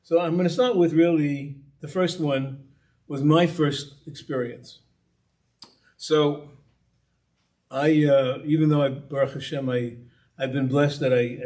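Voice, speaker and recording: A man's voice: medium pitch, fairly even intonation, normal speed, a little mellow. A man giving a conversational storytelling talk as a guest speaker, repeating and restarting phrases and building up emphasis.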